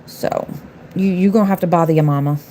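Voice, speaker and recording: A woman's voice: on the low side, a little fast, mellow, a little hiss or hum. A middle-aged woman doing nails on a livestream, talking casually and bluntly, sassing viewers in the chat. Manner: blunt, sassy, talks back to chat viewers. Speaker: nail artist livestreaming.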